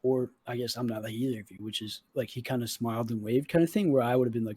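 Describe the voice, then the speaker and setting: A man's voice: medium pitch, quick pace, few pauses, dark tone, slightly rough. A man in his twenties, a podcast host, casually retelling a falling-out with a friend, swearing freely and acting out the texts and phone calls. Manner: profane, retells arguments with quoted dialogue. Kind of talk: casual storytelling chat.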